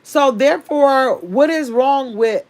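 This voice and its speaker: A woman's voice: high-pitched, slow, a little mellow. Chatty woman livestreaming from bed. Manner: chatty, greets viewers by name, loose Southern US casual grammar. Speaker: livestream host. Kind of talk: casual livestream chat reading comments. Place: at home, sitting in bed.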